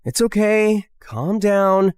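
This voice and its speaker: A woman voicing a gentle teenage boy in an animated story who tries to calm others down. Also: mid-range voice, takes it slowly, clean tone, dry recording, studio quality. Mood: soothing. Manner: soothing, pleading, trying to calm others.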